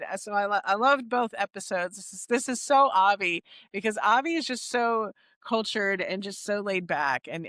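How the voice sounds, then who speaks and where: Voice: medium pitch, pushed and bright, no echo. A podcast host in their forties from the San Francisco Bay Area, talking enthusiastically and rambling with many restarts in casual chat.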